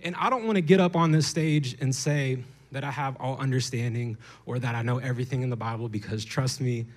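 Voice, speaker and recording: A young man preaching a lively sermon, telling stories playfully and slipping into acted voices. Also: mid-range voice, fairly quick.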